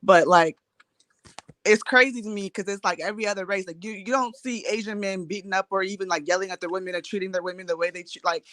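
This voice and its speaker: A woman's voice: mid-range voice, fairly even intonation, quick pace, a bit bright, dry recording. A woman calling into a live group chat on her phone, fired up, stringing thoughts together with "like". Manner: fired up, talks in run-on "like" phrases. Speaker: caller. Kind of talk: casual chat.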